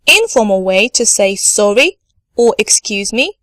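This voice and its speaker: A woman's voice: a little high, lively intonation, measured pace, no room sound. A woman teaching a recorded language lesson, speaking carefully, saying each word twice for learners and encouraging them to repeat. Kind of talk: scripted online lesson.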